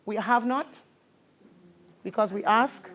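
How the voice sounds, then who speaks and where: Animated Trinidadian woman giving a motivational talk. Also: fairly high pitch, slow. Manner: animated storytelling, call-and-response with the audience. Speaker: motivational speaker. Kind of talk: motivational talk to a live audience. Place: live event with an audience.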